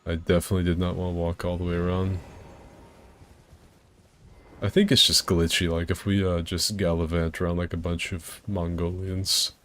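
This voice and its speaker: A man's voice: deep voice, little pitch movement, normal speed, a bit bright, slight background noise. A man streaming a co-op game with friends, rambling in a laid-back way, swearing freely and laughing often. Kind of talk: casual gaming chat.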